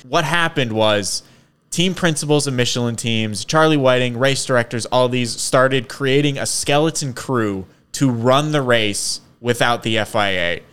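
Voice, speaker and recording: Smooth-voiced man explaining casually. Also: medium pitch, unhurried, a bit bright. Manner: explains at length, storytelling, laughs easily. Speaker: podcast co-host. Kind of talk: casual chat.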